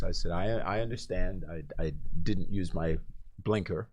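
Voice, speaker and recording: A man who is a guest on a radio talk show, telling stories in a lively way, laughing often and acting out the people in them. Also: low voice, moderate pace. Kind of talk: animated storytelling in a talk show.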